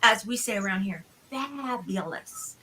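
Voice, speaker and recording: A woman's voice: on the high side, expressive, measured pace, bright, forceful tone. A woman hosting a live online party show over a video call, effusive and bubbly as she calls on each guest. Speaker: show host.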